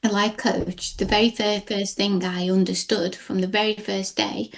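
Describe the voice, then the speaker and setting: A woman appearing as a podcast guest and speaking as a life coach. Her voice is gravelly and her pitch stays fairly flat. She talks earnestly and often agrees with the host. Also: moderate pace. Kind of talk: casual interview chat.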